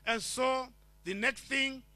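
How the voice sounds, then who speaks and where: Male preacher from Zimbabwe, high and bright, dry close sound, storytelling testimony. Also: slow pace, no room sound. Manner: storytelling, acts out quoted lines. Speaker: preacher sharing his testimony. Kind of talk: testimony sermon. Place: church.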